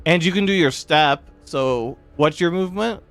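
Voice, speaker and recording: Guy running a dnd game, kinda high voice, chill, faint music behind. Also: moderate pace, fairly bright tone. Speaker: dungeon master.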